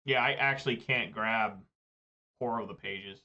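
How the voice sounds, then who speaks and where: A man with a bright, slightly tense voice chats through his card game, rambling into side stories and cursing when things go wrong. The recording sounds a little dull and muffled. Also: fairly low pitch, measured pace. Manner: rambling, profane, chatty asides. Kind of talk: casual gameplay commentary.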